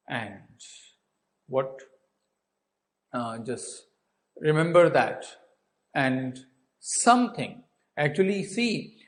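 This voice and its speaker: A man's voice: on the high side, poor audio. A man teaching English with an Indian accent, walking students through a story and answering his own questions. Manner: asks rhetorical questions and answers them. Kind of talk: explaining a textbook story to a class.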